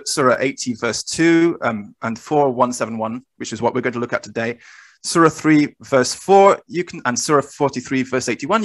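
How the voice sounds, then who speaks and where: Bright-voiced man explaining slides. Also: medium pitch. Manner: measured, explanatory, self-correcting. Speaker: guest presenter. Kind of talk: explaining slides in a recorded discussion.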